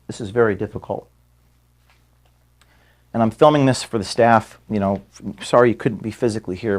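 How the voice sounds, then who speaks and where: A man close to tears giving a halting farewell address to his staff from an office room, repeating words and apologizing for his emotion. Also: on the low side.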